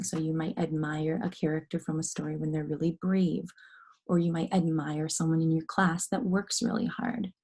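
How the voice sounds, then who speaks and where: A woman's voice: fairly low pitch, creaky, dark tone, husky, low-quality recording. A woman teaching a phonics lesson to young children, patiently sounding out letters and syllables and encouraging them as she goes.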